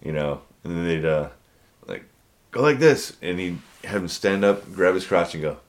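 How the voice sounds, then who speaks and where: A man in his forties, a podcast co-host, telling military stories in casual chat, swearing freely and acting out shouted drill instructor lines. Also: low-pitched, moderate pace. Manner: storytelling, acts out drill instructors loudly.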